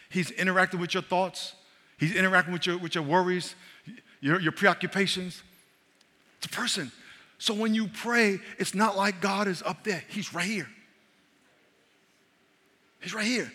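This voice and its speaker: A middle-aged male pastor preaching a sermon, animated and repetitive, often checking that his congregation is following along. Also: sits high. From New York. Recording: long reverb of a large hall.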